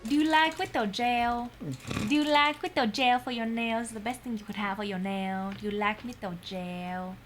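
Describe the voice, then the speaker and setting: A woman's voice: on the high side, steady tone, moderate pace, soft background music, lightly acted. A woman voicing a chatty female nail salon worker with a Vietnamese accent and sing-song, broken-English sales patter. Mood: sales pitch.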